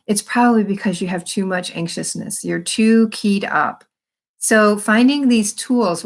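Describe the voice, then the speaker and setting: A woman talking to camera as a wellness coach, friendly and encouraging, speaking straight to her viewers. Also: medium pitch. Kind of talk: casual talk to camera.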